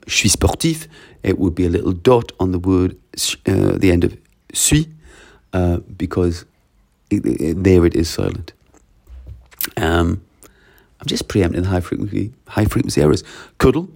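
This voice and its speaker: A man's voice: low voice, moderate pace, vocal fry, dark tone. A man with a Geordie accent, a language teacher explaining his methods in a casual, emphatic monologue that runs through lists. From North East England.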